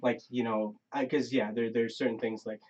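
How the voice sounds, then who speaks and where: A man's voice: medium pitch, flat delivery, normal speed, a little mellow. Rambling man, muffled podcast sound. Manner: rambling, many restarts and fillers. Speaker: podcast host. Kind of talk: casual chat. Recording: dull lo-fi sound, faint hiss.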